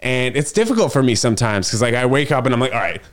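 A man's voice: mid-range voice, big pitch swings, quick pace. Rambling young man. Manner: rambling, filler-heavy storytelling. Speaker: podcast host. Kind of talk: casual solo vlog chat. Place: apartment kitchen. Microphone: camera on a refrigerator.

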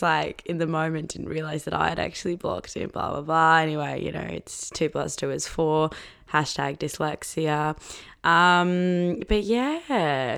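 A woman's voice: sits low, creaky, fairly bright tone, clear, resonant tone. A young woman hosting a podcast after a few drinks, giggling and swearing as she rambles. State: tipsy. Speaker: podcast host. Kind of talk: casual tipsy podcast chat.

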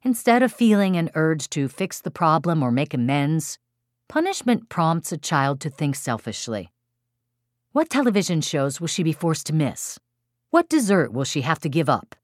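A woman's voice: sits low, dry recording. A woman reading her own parenting book aloud, narrating expressively with dry humor. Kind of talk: audiobook narration.

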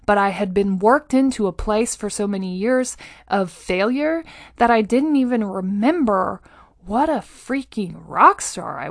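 A woman speaks in an earnest, encouraging motivational talk, at an ordinary middle pitch. She is conversational and keeps checking in with the listener as she goes. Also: no echo, clean studio sound. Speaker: motivational podcast host.

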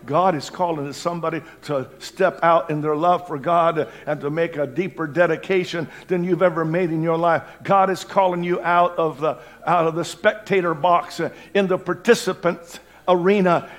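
Fervent high-voiced male preacher. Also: steady tone, moderate pace, few pauses. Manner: fervent, swings between loud cries and hushed pleading. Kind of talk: altar call sermon.

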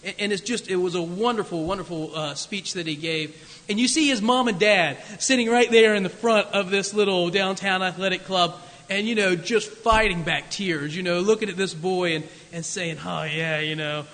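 A man's voice: sits high, moderate pace, fairly bright tone, in a large hall, rough recording. A male pastor preaching a sermon in a conversational, jokey way, full of asides.

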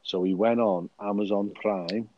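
A man's voice: on the low side, steady tone, measured pace, dull audio. A man co-hosting a casual podcast, telling stories in a sweary, jokey way. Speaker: podcast co-host.

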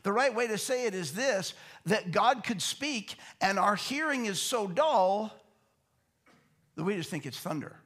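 Pastor, male, high voice, chatty verse-by-verse preaching, rhetorical questions. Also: expressive, unhurried, a bit bright. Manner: conversational, repeats words, asks rhetorical questions. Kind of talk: Bible teaching sermon.

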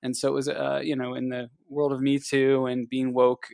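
A man's voice: mid-range voice, completely flat delivery, moderate pace, gravelly, darkish tone, dry recording, clean studio sound. A man from Ohio co-hosting a podcast, chatting casually with lots of fillers and restarts. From Ohio, USA. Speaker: podcast co-host. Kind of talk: casual chat.

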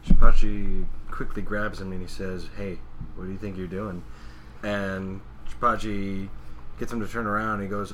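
Brief: male co-host, low voice, relaxed manga recap, slight noise in the recording. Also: unhurried. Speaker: podcast co-host. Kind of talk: casual chat recapping manga.

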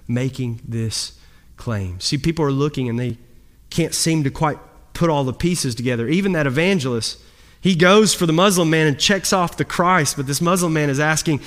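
A man preaching a sermon as pastor, his delivery swinging between loud, high emphasis and low, quiet drops. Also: normal speed.

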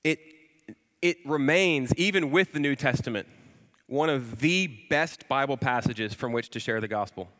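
Forceful, bright-voiced preacher in a reverberant hall. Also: male voice, medium pitch, normal speed. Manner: animated storytelling, emphatic repetitions. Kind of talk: sermon.

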